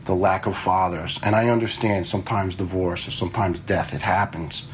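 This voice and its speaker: A man's voice: sits low, fairly even intonation, normal speed, a little hiss or hum, poor audio. A man in his fifties, a retired fire lieutenant, telling stories in a blunt, conversational way with some swearing. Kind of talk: casual storytelling.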